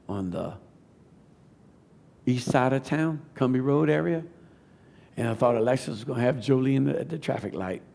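A man, giving a testimony sermon that builds to fervent shouting. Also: medium pitch, creaky. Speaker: preacher.

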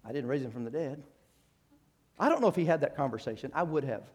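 A man preaching a sermon, retelling a story with acted quotes and frequent restarts, moving from loud rising exhortation to quiet conversational asides. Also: medium pitch, expressive, fast talker.

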